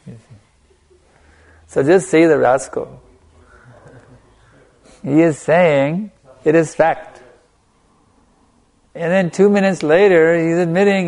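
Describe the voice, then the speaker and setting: A man giving a sermon as a spiritual teacher, stressing points by repetition and letting a soft "you see" trail off after them. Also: on the high side, slow pace, long pauses. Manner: emphatic, repeating phrases for stress.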